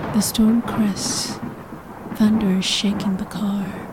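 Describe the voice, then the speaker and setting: Woman storyteller, whispered role-play, slow and breathy, even-toned. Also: medium pitch, slight background noise, rough recording. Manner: slow, hushed, breathy second-person narration.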